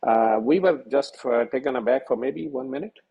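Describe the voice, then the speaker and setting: A middle-aged man from Pakistan, a senior physician, tells a personal story over a video call, halting and earnest, with many fillers and restarts. His mid-range voice is husky with vocal fry, and the sound is lo-fi.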